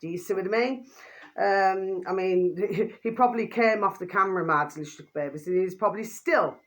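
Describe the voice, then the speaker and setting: Woman, rambling vlog commentary, lots of fillers and tag questions, quick low pet-name asides. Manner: drops pet phrase "my delicious babies" in a quick low aside. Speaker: vlogger commenting on videos.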